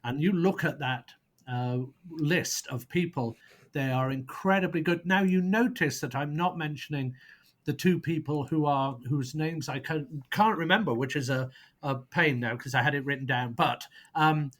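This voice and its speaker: A man with a fairly high voice talks in a loose, rambling way, often pausing to hunt for the right word. When he lands a point, it comes out blunt and dismissive. He sounds like a guest arguing his side on a podcast. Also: fairly bright tone. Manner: rambling, searches for words, blunt and scornful verdicts. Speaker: guest prosecutor on a film podcast. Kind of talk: casual podcast debate.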